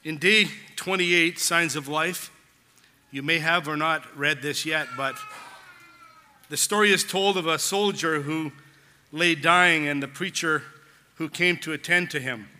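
Bright-voiced male pastor preaching. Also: fairly high pitch, measured pace. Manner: earnest, storytelling with quoted voices. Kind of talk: sermon. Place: church hall. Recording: long church hall reverb.

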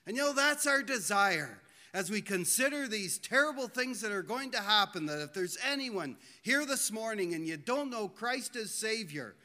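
A man preaching a sermon in a church, earnest and pleading, slowing down to stress his points. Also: high-pitched, expressive, sharp tone. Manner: earnest, pleading, slows for emphasis. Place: church hall. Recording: long hall reverb.

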